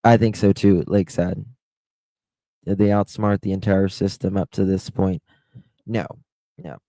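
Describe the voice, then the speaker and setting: A man with a lowish voice speaks slowly and thoughtfully as he hosts a live commentary stream. He muses aloud and keeps asking his viewers what they think. The sound is dry and close. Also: flat delivery, mellow, no echo. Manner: slow, musing, asks viewers questions. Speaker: livestream host.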